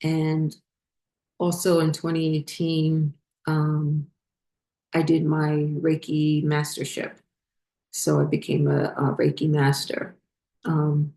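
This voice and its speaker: A woman hosting a spiritual vlog, talking unhurriedly with many fillers as she glances at her notes, her voice getting hoarse. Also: low voice, dark tone. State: losing her voice. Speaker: spiritual channel host.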